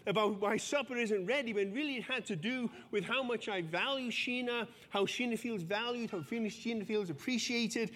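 A man's voice: very high-pitched, normal speed, hardly any pauses, fairly bright tone. A man in his fifties preaching a sermon, telling stories with self-deprecating humor. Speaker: pastor. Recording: long church-hall reverb.

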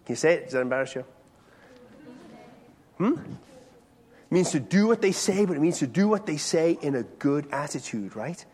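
A middle-aged male pastor preaches in a bright, fairly high voice that climbs and falls with animation. He talks to the congregation conversationally, quizzing them directly, with a long reverb from the hall around him. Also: lively intonation, moderate pace, pauses often, husky. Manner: conversational, questions the audience directly. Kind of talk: sermon to a congregation.

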